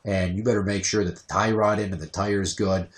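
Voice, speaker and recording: A man hosting a casual podcast, telling stories in a profane, animated way with quick rants. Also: lowish voice. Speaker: podcast host.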